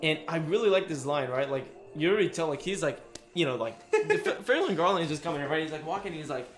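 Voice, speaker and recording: Chatty, animated young-sounding man. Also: fairly high pitch, fast talker, a little hiss or hum. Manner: animated, filler-heavy, acts out quotes. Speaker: stream host. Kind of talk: casual chat about a manga chapter.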